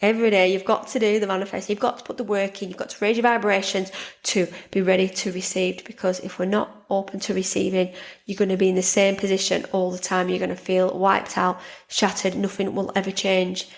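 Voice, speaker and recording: A woman hosting a podcast, talking casually and warmly about her own life, often repeating words and restarting sentences. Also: mid-range voice, level tone, fairly quick, gravelly. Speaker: podcast host and life coach. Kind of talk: casual monologue.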